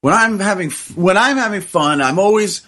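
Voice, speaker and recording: Male co-host, high and bright voice, animated storyteller who acts out quotes. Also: moderate pace. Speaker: podcast co-host. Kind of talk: casual storytelling chat.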